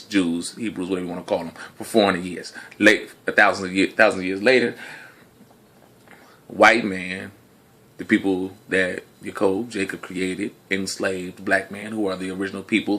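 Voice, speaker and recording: A man delivering a casual, argumentative monologue to the camera in slangy speech, full of rhetorical questions, dropping low and quiet, then rising loud and high. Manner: laughs between points. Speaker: video blogger.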